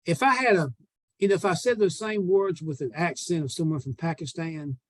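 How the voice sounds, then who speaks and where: A Southern American man coaches a sales team in a plainspoken, emphatic way. His voice sits a bit high for a man. The sound is dry and close, with no room around it. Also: a little fast, a bit bright, dry recording. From United States. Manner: plainspoken, emphatic, walks through example calls. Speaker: sales trainer.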